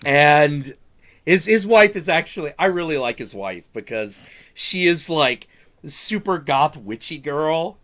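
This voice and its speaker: A man hosting a live stream, telling animated casual stories with frequent swearing and stammered restarts. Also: on the high side, unhurried. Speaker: show host.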